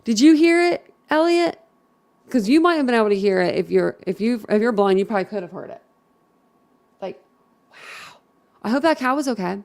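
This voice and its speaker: A woman's voice: medium pitch, expressive, a little fast, gravelly, long pauses, a little mellow. A woman from Philadelphia chatting casually on a live stream, rambling and outspoken with her viewers. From Philadelphia, USA.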